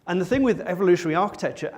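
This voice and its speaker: A man's voice: sits high, expressive, very fast. A man giving a conference talk to an audience, wry and joking at his own expense. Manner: wry, with self-mocking jokes. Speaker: conference speaker. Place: conference stage before an audience.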